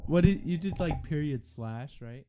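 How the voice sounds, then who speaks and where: A man's voice: a little high, animated, normal speed, crowd noise. A young man giving a casual, offhand behind-the-scenes intro and chatting with friends. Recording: muffled lo-fi recording with faint noise.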